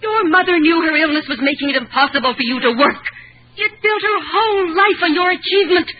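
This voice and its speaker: A woman's voice: very high voice, fast. An actress playing a devoted woman in a vintage radio drama, delivered in a theatrical style. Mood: anguished. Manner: theatrical 1940s radio acting. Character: anxious devoted woman, guarded, turning desperate. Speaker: Ethel, a woman devoted to a pianist. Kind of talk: 1940s radio drama acting. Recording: dull old radio recording with faint hiss.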